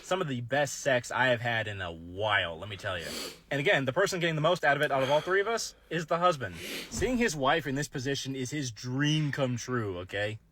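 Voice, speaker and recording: A man in his thirties casually telling a personal story to camera in a laid-back drawl, slowing down for emphasis. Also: mid-range voice, lively intonation, pushed and bright, slight background noise. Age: 30s. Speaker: storyteller in a social media clip.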